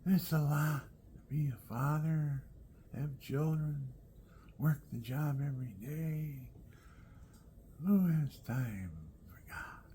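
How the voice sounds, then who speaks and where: A man telling rambling personal stories at home, often dropping into soft whispered asides. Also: fairly high pitch, slow pace, slight background noise.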